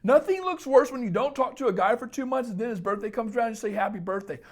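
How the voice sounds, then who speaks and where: A man's voice: extremely high pitch, fast talker. A man talking straight to camera as a dating coach, giving blunt, emphatic advice and swearing freely. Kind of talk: casual advice monologue.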